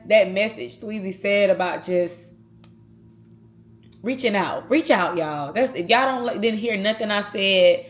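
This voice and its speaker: A woman talking casually and earnestly to her viewers in a vlog, speaking straight to them. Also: mid-range voice. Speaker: vlogger.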